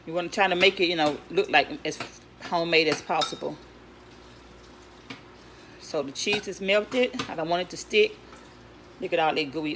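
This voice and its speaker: A woman talks through a recipe in her home kitchen, rambling and restarting her sentences in a casual vlog. Her voice sits a little low. Pans, dishes and cutlery clink clearly behind her. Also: normal speed, long pauses, fairly bright tone, a little hiss or hum. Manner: chatty, rambling, stutters and restarts. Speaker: home cook vlogger. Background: clinking pots, pans and cutlery.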